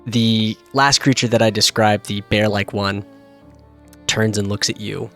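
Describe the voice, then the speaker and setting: Male game master, slow and searching for words, describing monsters. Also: fairly low pitch, flat delivery, a bit bright, soft background music. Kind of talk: narrating a tabletop game.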